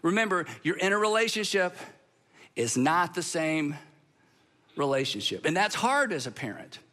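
Delivering a sermon in a large hall, a male pastor uses a high, bright voice. His emphatic style alternates between heavy, unhurried pauses and quick, lively surges.

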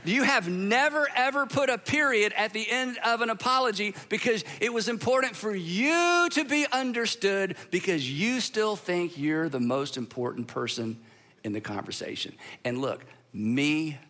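Bright, high-voiced man preaching. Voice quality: emphatic, with slow drawn-out pauses and sudden lively bursts. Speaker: pastor. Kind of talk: sermon.

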